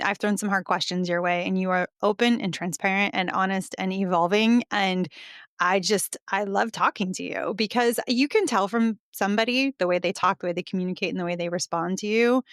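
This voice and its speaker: An enthusiastic woman hosts a podcast, gushing as she chats and reads an ad. Her voice sits at an ordinary pitch for a woman. The sound is dry and close, with no room echo. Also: smooth. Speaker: podcast host. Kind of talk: casual interview chat with ad read.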